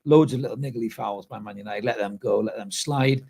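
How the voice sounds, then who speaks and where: A man's voice: lowish voice, brisk, darkish tone, breathy edge. A man hosting a live football reaction show, sounding tired and speaking bluntly and with lots of swearing while he reads viewers' comments. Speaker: football fan channel host. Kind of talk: live post-match reaction and reading comments.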